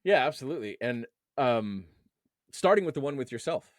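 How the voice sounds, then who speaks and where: A man with a mid-range voice and lively intonation speaks at a moderate pace as a guest in a conversational interview. He is a coach on men's emotions who explains his ideas with everyday analogies and lifts his voice on key words. The recording is dry, with clean studio sound.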